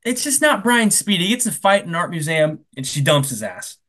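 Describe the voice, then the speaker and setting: Animated man recapping a movie. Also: high voice. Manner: animated storyteller, quick asides, acting out characters' lines in quotes. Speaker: podcast co-host. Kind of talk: casual comedic movie recap.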